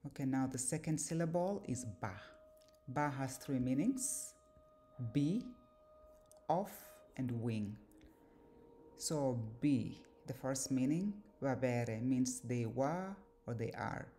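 A woman giving an explanatory lesson, speaking deliberately with occasional filler pauses. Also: extremely low pitch, lively intonation, warm tone, a little hiss or hum. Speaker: language and scripture teacher.

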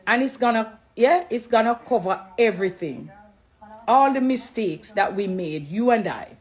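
A middle-aged woman with a Jamaican accent, talking to camera in an animated, preachy, affectionate way, slipping into patois. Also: on the high side, moderate pace. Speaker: dancehall artist. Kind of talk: casual direct-to-camera talk.

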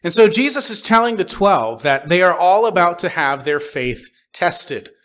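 In a church sanctuary, a male pastor delivers an expository sermon, reading scripture and explaining it in plain terms with frequent "uh" fillers. His voice is high, expressive, and slightly bright, at a normal speed.

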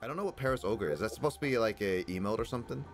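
A man's voice: lowish voice, animated, racing, faint music behind. A man streaming and chatting casually with viewers, rambling with lots of fillers and restarts.

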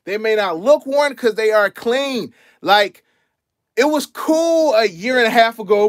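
Young male streamer, high voice, dry close mic, relaxed slangy delivery, thanks donors as he goes. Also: unhurried, no room sound. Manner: laid-back slangy chatter, shouting out donors. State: out of breath. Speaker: sneaker channel host. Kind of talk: casual livestream show-and-tell.

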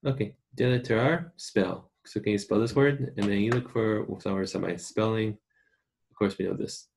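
Gravelly-voiced man teaching Spanish online. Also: lowish voice, steady tone, moderate pace, a little mellow. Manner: casual, chatty, talks straight to students. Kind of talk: recorded online lesson.

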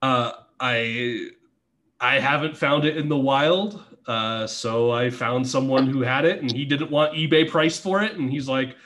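A man guesting on a podcast, telling a story in a casual, animated way, with lots of swearing and acted-out quotes. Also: medium pitch, measured pace. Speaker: podcast guest, former wrestler.

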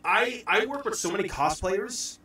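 A man from the United States hosting a casual podcast chat, excitable, swearing freely and shouting out bits of impressions. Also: high voice, normal speed, heavy reverb, far from the mic. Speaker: podcast host.

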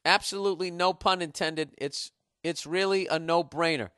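A man's voice: on the high side, moderate pace, clean tone, dry recording. Boston guy in his 40s doing a podcast rant, cussing and bragging, dry close mic. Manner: profane, animated, mock-aggressive bragging. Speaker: podcast host. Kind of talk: casual solo podcast rant reading listener email.

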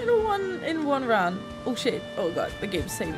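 A woman's voice: on the high side, very animated, normal speed, few pauses. A woman giving live, panicky let's-play commentary, swearing, laughing and pleading with an enemy in the game. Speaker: gaming YouTuber. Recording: game music playing behind the voice.

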